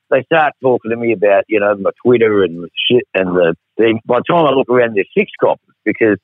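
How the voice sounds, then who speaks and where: A man's voice: mid-range voice, dry recording. A middle-aged Australian man telling a rambling, profane, wry story as a radio guest. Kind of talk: casual storytelling on air. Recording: tinny phone line, dry.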